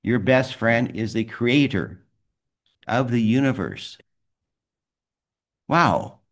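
A man's voice: medium pitch, slow pace. A man leading a small men's group, giving a rambling, conversational devotional talk and praying, laughing often. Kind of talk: informal devotional talk and prayer. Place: small private group meeting.

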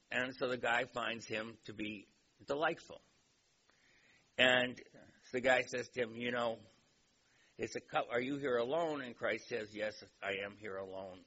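A man's voice: medium pitch, bright, forceful tone. A man giving a lecture in a chatty, digressive way and telling a joke, on a dull recording with faint hiss. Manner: conversational, digressive storyteller.

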